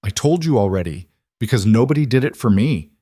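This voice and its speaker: A man voicing a calm, practical young woman nurse in a read-aloud story, steady and reassuring. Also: mid-range voice, a little fast, husky, dry recording, clean studio sound. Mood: earnest, firm. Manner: steady, reassuring, matter-of-fact. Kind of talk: scripted story reading.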